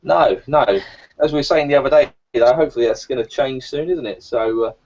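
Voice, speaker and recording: A young man co-hosting a casual stream, relaxed and rambling with fillers. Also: medium pitch, quick pace. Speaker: co-host. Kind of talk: casual live-stream chat. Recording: dull lo-fi stream audio.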